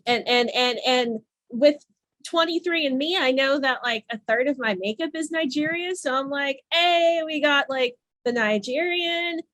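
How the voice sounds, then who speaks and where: A woman's voice: high-pitched, moderate pace, fairly bright tone, no room sound. A woman co-hosting a podcast, gushing in casual chat about a reality show, full of "like" fillers. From United States. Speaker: podcast co-host.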